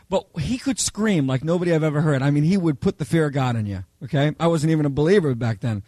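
A man preaching a Bible study, telling humorous personal stories in a chatty, animated way, often checking in with "okay?". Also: on the high side, fast, hardly any pauses, no room sound. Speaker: pastor teaching a Bible study.

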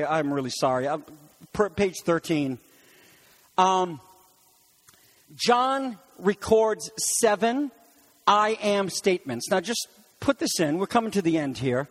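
A man preaching a sermon in an animated way, rising to shouts on key words and making quick asides to his congregation. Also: high voice. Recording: long hall reverb.

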